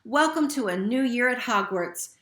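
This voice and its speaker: A woman voicing a cheerful, eccentric old headmaster wizard who speaks loudly and grandly, in a roomy echo. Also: fairly high pitch, expressive, normal speed. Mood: jovial.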